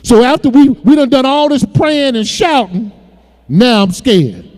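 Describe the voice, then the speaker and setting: A man with a very high voice preaches, telling his own story with emotion. He repeats words as he builds. His voice rings with a long reverb in a church sanctuary. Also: expressive, measured pace, a little mellow. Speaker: pastor. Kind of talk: sermon testimony.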